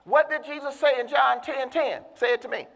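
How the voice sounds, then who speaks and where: High-voiced preacher in a reverberant hall. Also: male voice, vocal fry, a bit bright. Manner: emphatic, calls out to the congregation, slows down to stress key words. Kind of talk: sermon. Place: church.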